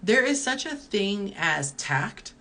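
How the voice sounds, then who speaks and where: A woman's voice: mid-range voice, sing-song, takes it slowly, sharp tone. A woman in her early forties, a dating coach, giving candid advice in a chatty live-stream Q&A while reading viewer comments aloud. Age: early 40s.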